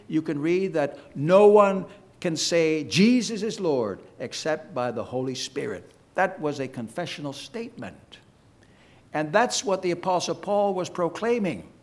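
A man preaching a sermon to his congregation, with an emphatic, deliberate cadence. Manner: emphatic, slow preaching cadence with sweeping pitch. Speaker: pastor.

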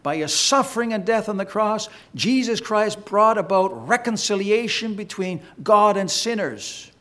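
A man preaching a sermon to his congregation, with an emphatic, deliberate cadence. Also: animated, pushed and bright. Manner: emphatic, slow preaching cadence with sweeping pitch. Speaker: pastor.

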